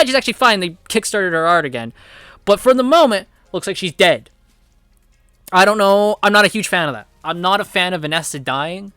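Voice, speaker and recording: A young man casually reviewing a TV episode, rambling excitedly with constant swearing and fillers. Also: on the high side, no room sound.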